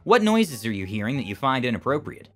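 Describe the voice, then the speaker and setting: A man's voice: mid-range voice, sing-song, fairly quick, a bit bright, soft background music. A man voicing a friendly but firm clinic medical assistant who speaks professionally to patients. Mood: polite, firm.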